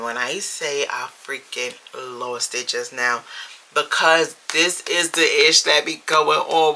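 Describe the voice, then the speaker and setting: A woman's voice: low voice, level tone, slow pace, bright, forceful tone, a little hiss or hum, rough recording. A woman, talking casually to camera at home in a vlog, chatty and playful, laughing as she goes. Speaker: vlogger. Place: home room with the heat running.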